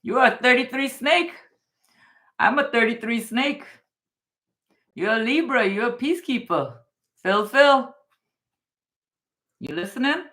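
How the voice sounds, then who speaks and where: Pausing often and speaking a little slowly, a woman from Guyana gives a live tarot reading. She calls the listener darling and baby, repeats their name, and alternates between thrilled high exclamations and hushed, low advice.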